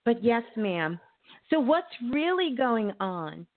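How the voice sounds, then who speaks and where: A woman hosting a call-in radio show, giving calm spiritual advice with folksy, chatty asides. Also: fairly high pitch, takes it slowly. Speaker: radio call-in host and psychic medium. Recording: phone-like narrow audio.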